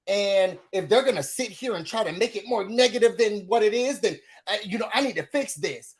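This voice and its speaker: A man's voice: sits high, animated, normal speed, hardly any pauses. A man hosting a reality-TV recap, chatting animatedly and laughing with his viewers. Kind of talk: casual gossip recap commentary.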